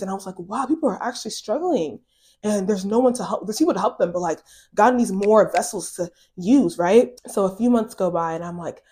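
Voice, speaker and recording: A woman's voice: medium pitch, darkish tone. Earnest woman sharing her faith story. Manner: casual, earnest, many fillers like "like". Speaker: podcast host. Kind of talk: personal faith testimony.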